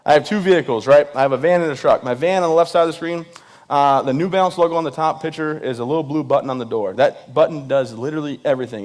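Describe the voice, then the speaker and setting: This man has a medium-pitched voice with a darkish tone. A guest speaker from Michigan, he makes humorous digs at himself in front of a live audience, often tossing in "right?"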